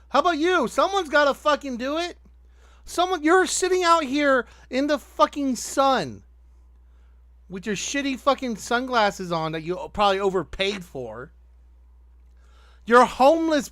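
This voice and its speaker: A man's voice: very high voice, moderate pace, a bit bright, smooth, no room sound, clean studio sound. A man hosting a podcast, reacting to clips with angry, profane ranting commentary.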